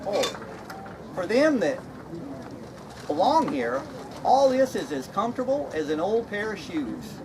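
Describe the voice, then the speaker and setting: In this outdoor reenactment skit, a man's high voice swings widely in pitch while he speaks at a measured pace with long pauses. Playing a cheerful, folksy, somewhat mad Straw Hatter, he chuckles at his own jokes as the crowd makes noise nearby.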